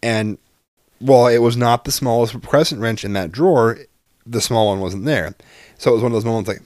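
A middle-aged man telling a long story casually, animated and profane, swearing freely. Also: mid-range voice, a little fast, no echo, studio quality.

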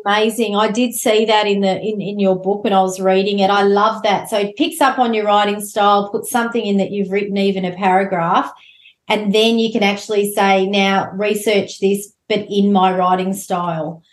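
A woman's voice: mid-range voice, level tone, brisk. A woman hosting a casual podcast interview, enthusiastic and friendly, asking loose, rambling questions. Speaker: podcast host. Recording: echoey room.

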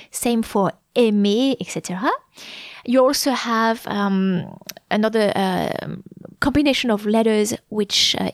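A woman's voice: on the high side, no room sound, clean studio sound. A woman hosting a podcast pronunciation lesson, explaining patiently step by step and spelling out letters, with frequent fillers. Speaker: French teacher and podcast host. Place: Melbourne, Australia.

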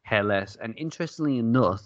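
A man's voice: mid-range voice, lively intonation, fairly quick, no echo, highs cut off. A man co-hosting a casual beer-tasting podcast, jokey and rambling, laughing often. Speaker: podcast co-host.

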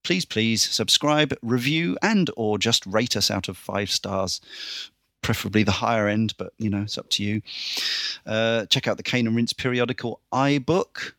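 Low gravelly-voiced male podcast host. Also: fairly bright tone, no echo. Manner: brisk and chatty, reeling off a list with dry asides. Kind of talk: casual podcast wrap-up.

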